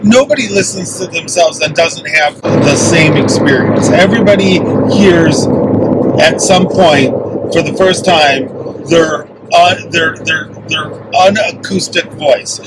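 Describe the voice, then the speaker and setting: A man with a Midwestern accent, a sound engineer co-hosting a podcast, explaining things slowly with many restarts. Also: fairly high pitch. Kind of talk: casual podcast chat. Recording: steady background noise.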